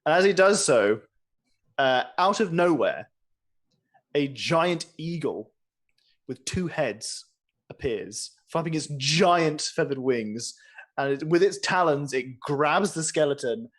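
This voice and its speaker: A man running a tabletop game, describing scenes in a relaxed, rambling way. His pitch rises and falls a lot as he talks. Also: slow pace. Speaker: game master.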